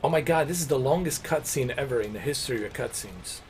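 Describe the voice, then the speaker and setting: Over slight background noise, a middle-aged gaming streamer talks fast and expressively in a medium-pitched voice. His casual stream chat rambles, relaxed and full of "dude" and "man."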